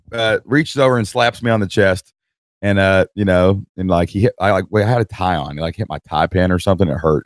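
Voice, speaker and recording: A man's voice: on the low side, no room sound, clean studio sound. A man co-hosting a podcast, telling a story in casual chat and acting out the people in it. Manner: animated, acts out voices, laughs mid-story. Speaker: podcast co-host.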